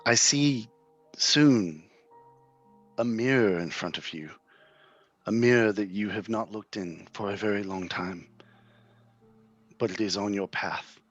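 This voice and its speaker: Earnest young seer girl, played by a man, solemn prophecy, low voice, slow delivery. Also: dry recording, lo-fi sound, soft background music. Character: young female fortune-teller, tearful and earnest.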